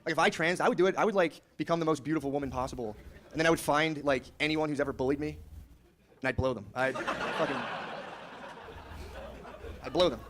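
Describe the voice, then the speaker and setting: Brash, crude stand-up man, fast-talking. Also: a little high, a bit bright, slight background noise. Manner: brash, crude, casual, slipping into mocking voices. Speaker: stand-up comedian. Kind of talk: stand-up comedy set.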